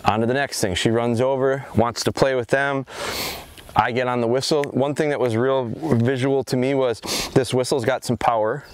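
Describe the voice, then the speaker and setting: A middle-aged man, a dog trainer, talking through an outdoor training session in a calm, plain-spoken way, recorded outside on a camera mic. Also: mid-range voice, normal speed, slight background noise. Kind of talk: casual instructional vlog. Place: outdoors in a yard.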